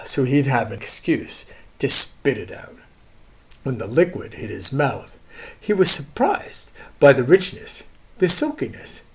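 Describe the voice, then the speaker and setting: Male audiobook narrator, wry, lively pitch with gravelly texture. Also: highs cut off. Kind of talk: scripted narration.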